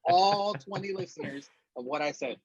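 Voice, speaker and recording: A man's voice: sits high, moderate pace, husky, dry recording. A man hosting a casual wrestling podcast, blunt and joking and swearing freely. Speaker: podcast host. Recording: dull dry lo-fi mic.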